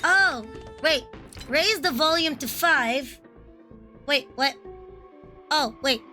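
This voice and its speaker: A woman streamer giving live game commentary, excitable and profane, blurting out reactions. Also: high-pitched, slow pace, faint music behind.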